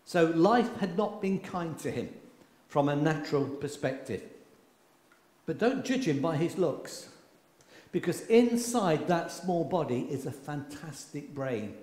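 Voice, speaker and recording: A man preaching a sermon with passion, swinging from loud outbursts to hushed lines, recorded in a church. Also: on the high side, lively intonation, unhurried. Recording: echoey hall with long reverb.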